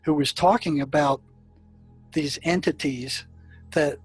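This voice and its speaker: A man with a slightly high voice recalls his years as a prison therapist. He stumbles and repeats words as he tells the story, while faint music plays underneath. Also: fairly even intonation, breathy edge. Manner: halting, repeats words and restarts often. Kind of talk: storytelling recollection.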